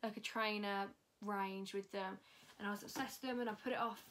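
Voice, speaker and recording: A woman's voice: medium pitch, fairly even intonation, brisk, fairly bright tone. A young woman chatting casually through a fashion haul, talking freely and swearing often. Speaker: fashion vlogger.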